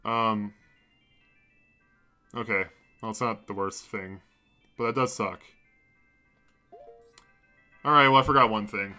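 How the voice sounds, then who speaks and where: Brief: young male streamer, bright forceful lower-register voice, rambling self-correcting chat at a desk mic, music playing faintly behind. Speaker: streamer playing a video game. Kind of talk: casual livestream commentary. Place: home room at a computer.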